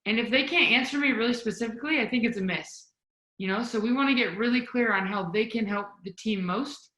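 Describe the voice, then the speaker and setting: Bright, emphatic woman coaching on a call. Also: a little high, brisk, reverberant, rough recording. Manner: energetic, emphatic, talks while demonstrating. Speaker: volleyball coaching guest. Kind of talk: coaching talk on a video call. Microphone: video call mic.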